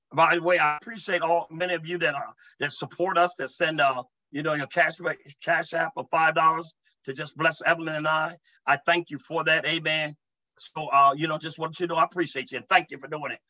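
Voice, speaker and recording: A man preaching to an online audience in a high, bright voice, emphatic and repetitive, often checking that his listeners are with him. He moves between relaxed asides and rising, forceful declarations. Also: low-quality recording. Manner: emphatic, repeats "amen" and asks the audience to respond. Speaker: preacher, deliverance minister. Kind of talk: sermon teaching to an online audience.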